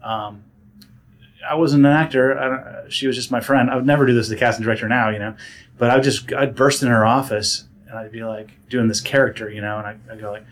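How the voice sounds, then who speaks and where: A man telling stories in a casual interview, animated and full of fillers and restarts, often acting out other people's voices. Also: mid-range voice, quick pace. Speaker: guest, director and actor.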